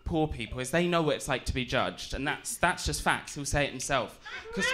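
Camp english guy doing standup, giggly, very animated voice, noisy crowd room. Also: on the high side, a little fast, few pauses. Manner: camp, giggly, self-deprecating. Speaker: stand-up comedian. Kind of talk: stand-up comedy set. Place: comedy club stage. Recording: live club audio with audience noise. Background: audience laughter.

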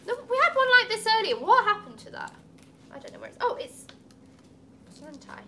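A woman's voice: very high voice, very animated, fairly quick, pauses often, pushed and bright, slight background noise. A woman opening gifts at a cat cafe, chatting casually and cooing at the cats. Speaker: cat cafe staff member.

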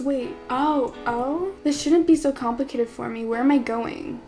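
A woman's voice: on the high side, fairly even intonation, moderate pace, few pauses, dark tone. A young woman giving casual, confused, exclamation-filled commentary while playing a game for the first time. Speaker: gaming YouTuber. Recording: clear background music under voice. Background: background music.

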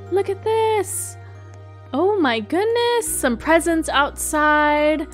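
Bubbly high-voiced woman gaming. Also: slow pace, soft background music. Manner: bubbly and excitable, frequent gasps. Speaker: gaming YouTuber. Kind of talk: role-play game commentary.

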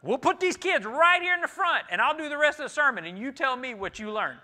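A man with a Texan accent preaching a conversational sermon in a church, lively and playful, teasing the congregation and speaking to them directly. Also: very high-pitched, brisk. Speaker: pastor. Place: church sanctuary.

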